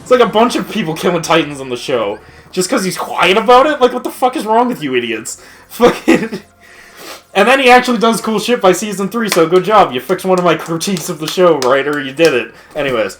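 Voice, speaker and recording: A man's voice: sits high, animated, a little fast, fairly bright tone, a little hiss or hum. Man, casual game commentary, ranting, swears a lot, laughs between lines. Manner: profane, laughing rant. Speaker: let's play commentator.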